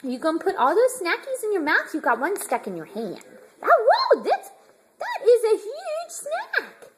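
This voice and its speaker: Very high, sing-song mother. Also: huge pitch swings, normal speed, noisy background. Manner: sing-song, doting, frequent laughter. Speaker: mother filming her baby. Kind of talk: baby talk to an infant. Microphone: handheld phone camera.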